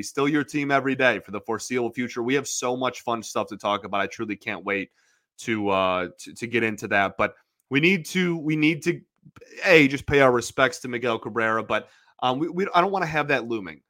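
A man's voice: mid-range voice, bright, forceful tone, no echo, studio quality. A man hosting a sports podcast in a casual, emotional monologue, rambling with frequent restarts and repeated words. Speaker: podcast host.

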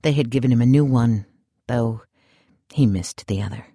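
A man narrating an audiobook in calm, steady scripted narration. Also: mid-range voice, moderate pace, no room sound, studio quality.

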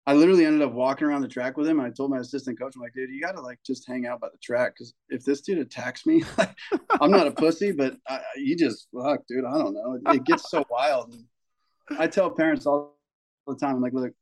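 A young adult man, a high school baseball coach, casually telling a story on a podcast, swearing and acting out the people in it. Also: brisk. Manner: animated storyteller, swears, acts out quoted people.

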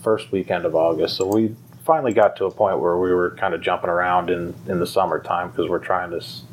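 A very low-voiced man talks casually and loosely, drifting through fillers and restarts and laughing easily. A faint hiss of noise sits under his voice. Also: level tone, brisk, rough recording. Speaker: fire department pipe band organizer. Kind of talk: casual conversation.

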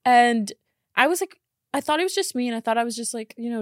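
A woman's voice: fairly high pitch, lively intonation, fast, no echo, clean studio sound. A young woman hosting a podcast, chatting casually and rambling, laughing often and saying "like" a lot. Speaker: podcast host. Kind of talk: casual chat.

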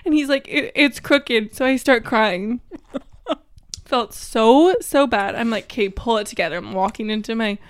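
A woman's voice: a little high, moderate pace, no room sound. A young woman co-hosting a podcast, telling stories in a chatty way with lots of fillers and giggles. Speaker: podcast co-host. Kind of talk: casual chat.

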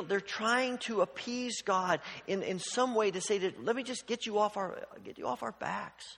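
A man preaching a sermon, animated, acting out the voices of God and the people with sarcastic asides. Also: high voice, in a large hall. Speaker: pastor.

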